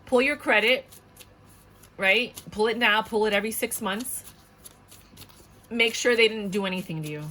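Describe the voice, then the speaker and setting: A woman's voice: medium pitch, moderate pace, pauses often, sharp tone. A woman giving a casual tarot reading to viewers, blunt and outspoken, swearing often and repeating her points with indignant emphasis. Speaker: tarot reader.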